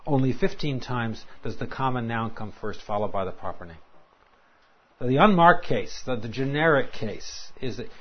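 A man's voice: mid-range voice, animated, moderate pace, slightly rough. A man lecturing a class on scripture, asking rhetorical questions and quoting verses with emphasis. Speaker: Bible teacher. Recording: dull lo-fi recording.

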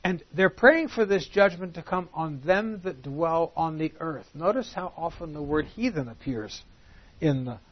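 A man leads a Bible study, reading scripture aloud with rising emphasis before breaking it down for his class. His voice sits a little high and has a husky edge. The recording is dull and lo-fi. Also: lively intonation, measured pace. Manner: reads scripture aloud in King James wording, then explains; emphatic, rising on quoted lines. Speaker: Bible teacher.

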